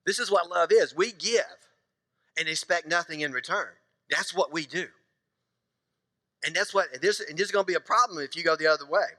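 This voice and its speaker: High bright-voiced joking pastor, man. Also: a little fast, pauses often, no room sound, in a large hall. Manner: conversational, joking preacher acting out little scenes. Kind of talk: sermon. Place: church sanctuary.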